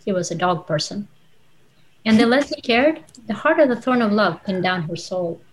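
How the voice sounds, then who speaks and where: Despite a low-quality recording, this Russian-born woman author, a native Russian speaker, sounds animated in a mid-range voice. As a guest she is thoughtful and measured, with frequent "uh"s and "um"s, while chatting in an interview and reading from her novel.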